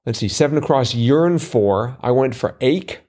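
A man's voice: mid-range voice, lively intonation, normal speed, warm tone. A man co-hosting a podcast, chatting casually about a crossword and thinking aloud with self-deprecating asides. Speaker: podcast co-host.

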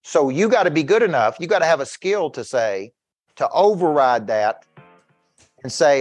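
A man's voice: on the high side, expressive, normal speed, faint music behind. A man giving an intense motivational talk, often checking in with his listeners. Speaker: business coach.

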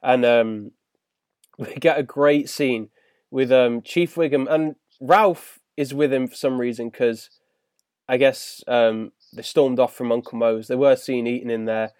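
A man's voice: mid-range voice, fairly even intonation, a little slow, darkish tone, smooth, no echo, studio quality. A man hosting a podcast and recapping a cartoon episode enthusiastically, with many ums and you-knows. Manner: enthusiastic recapping, filler-heavy. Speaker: podcast host. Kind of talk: casual episode review.

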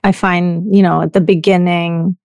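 A woman's voice: fairly low pitch, little pitch movement, normal speed, darkish tone, no room sound, studio quality. A woman hosting a podcast in casual conversation, chatty and laughing often.

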